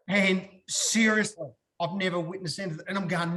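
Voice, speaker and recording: A middle-aged Australian man, once a footballer, tells stories as a guest in a casual chat. He talks a little fast with hardly any pauses, animatedly acting out quotes with big jumps in pitch.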